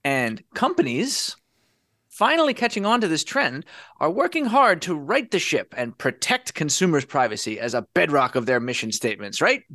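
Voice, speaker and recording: A man's voice: on the high side, moderate pace, dry recording, studio quality. A man hosting a podcast in a casual chat, wry and sarcastic as he sets up the topic. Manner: wry, sarcastic, lively delivery. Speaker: podcast host.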